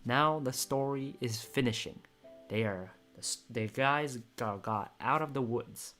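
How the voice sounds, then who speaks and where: A man reading a screenplay aloud in a casual way, excitable and choked up, often restarting his sentences. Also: medium pitch, a little slow, soft background music. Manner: excitable, emotional, with frequent restarts. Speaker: screenplay reader and commentator. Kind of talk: casual script read-through with commentary.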